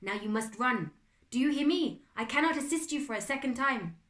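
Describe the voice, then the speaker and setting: A woman's voice: lowish voice, moderate pace, bright, forceful tone, roomy sound. A woman voicing a stern, urgent male butler giving orders in a storybook reading. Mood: commanding. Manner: urgent, commanding.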